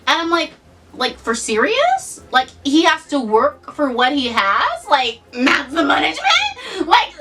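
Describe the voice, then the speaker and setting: Young woman vlogger, high bright voice, sarcastic and sweary, mic a bit distant. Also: a little slow, faint music behind. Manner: animated, sarcastic, swears, lots of "like". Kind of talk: casual chat to camera.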